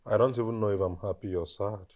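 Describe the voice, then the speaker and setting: An actor playing a worried husband and father who talks gently and earnestly. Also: on the low side, steady tone, fast talker, natural voice. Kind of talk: film drama acting.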